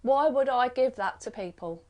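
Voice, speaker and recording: A middle-aged British woman hosts a live stream as a card reader, chatting casually and rambling through strings of rhetorical questions. Her voice is high and expressive, with a darkish tone and a moderate pace.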